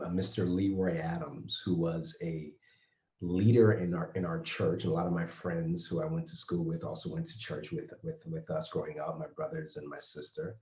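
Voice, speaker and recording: A man's voice: low-pitched, dark tone. A man, a personal trainer, talking as a guest in an interview, upbeat and laughing as he tells stories. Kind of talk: interview conversation. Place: remote, in his own home base. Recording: echoey room.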